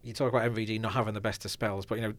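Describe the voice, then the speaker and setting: A man's voice: on the low side, flat delivery, racing. A man co-hosting a casual podcast, cheeky, blunt and joking. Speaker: podcast co-host.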